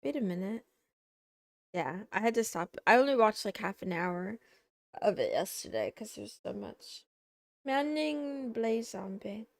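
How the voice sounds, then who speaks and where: A young woman VTuber streamer chatting casually and playfully while eating on a quiet stream. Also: mid-range voice, big pitch swings, measured pace, creaky, no echo, clean studio sound.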